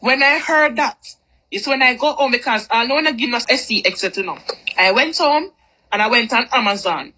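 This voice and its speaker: A woman's voice: fairly high pitch, lively intonation, fairly quick, bright, forceful tone, a little hiss or hum, poor audio. A woman telling a personal story in a candid, rambling, chatty way. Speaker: vlogger. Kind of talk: storytime monologue.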